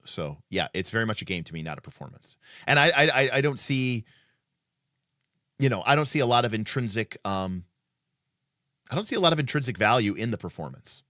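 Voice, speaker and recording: A man's voice: fairly low pitch, sing-song, brisk, pauses often, bright, forceful tone, no room sound, clean studio sound. A man hosting a casual livestream who thinks aloud, with many fillers and restarts, in an emphatic, opinionated way. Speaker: livestream host.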